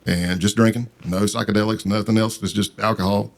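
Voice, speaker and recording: A man's voice: on the low side, steady tone, a little fast, creaky. A man telling a long personal story in a casual, rambling way, with many fillers and restarts. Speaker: podcast guest.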